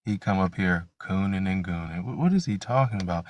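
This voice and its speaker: Combative low-voiced man on a panel. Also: a little fast, a little mellow, no room sound. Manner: combative, preachy. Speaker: debate panelist. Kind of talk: heated live debate.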